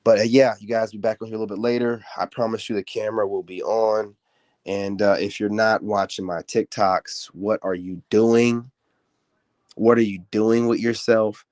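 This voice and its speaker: A man's voice: lowish voice, little pitch movement, normal speed, a little mellow. A man ranting on a livestream, confrontational and scolding, heavy on slang. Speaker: social media commentator.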